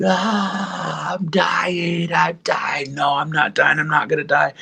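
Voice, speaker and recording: Deep-voiced man telling a wild story. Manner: animated storyteller, acts out quotes, many fillers. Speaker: podcast guest. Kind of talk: casual storytelling.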